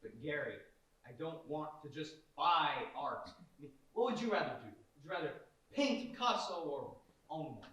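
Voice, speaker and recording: A man's voice: a little high, lively intonation, a bit bright. A young actor on stage playing a frustrated, earnest male TV actor who rants in exasperation, heard from far off in an echoey theater. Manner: exasperated, earnest, quick to rant. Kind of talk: stage play.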